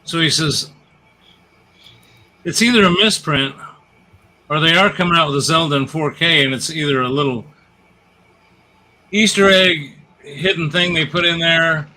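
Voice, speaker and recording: A man's voice: fairly high pitch, unhurried, pauses often, bright, forceful tone, rough recording. A man co-hosting a casual gaming chat, telling long stories and jokes with many restarts. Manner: rambling storyteller, restarts and retells jokes. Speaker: podcast co-host.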